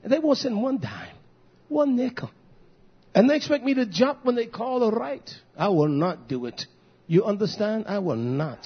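Male preacher, high husky voice, fiery sermon with sudden shouts, dull muffled recording. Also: sing-song. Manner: swings between shouting and low mutters, drawn-out emphasis. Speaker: pastor.

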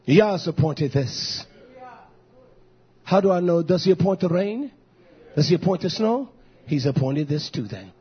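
A male pastor preaching a fiery sermon, swinging between shouts and low mutters with drawn-out emphasis. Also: breathy edge. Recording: dull lo-fi recording.

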